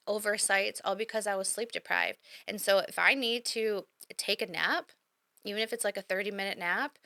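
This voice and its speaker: Podcast host, woman in her 30s, bright voice, dry close sound, no-nonsense coaching delivery. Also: medium pitch, no echo. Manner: direct, coaching, repeats points for emphasis. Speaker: podcast host and business owner. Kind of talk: casual advice podcast.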